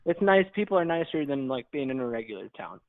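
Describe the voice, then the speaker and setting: A man talking as a guest in a casual, relaxed, somewhat hesitant way. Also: mid-range voice, fast talker, no room sound. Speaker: guest, former employee. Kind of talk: casual conversation. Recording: tinny phone-like call audio.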